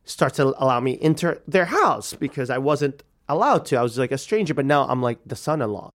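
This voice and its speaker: A man's voice: mid-range voice, a little fast. Man telling a wild personal story. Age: 30s. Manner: animated, acts out quoted voices. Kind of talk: personal story told to a radio audience.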